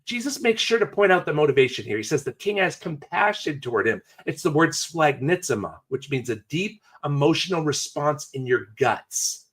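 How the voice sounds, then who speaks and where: A male pastor giving a sermon, telling a story in an animated, conversational way with jokey asides. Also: fairly high pitch, normal speed, few pauses, husky.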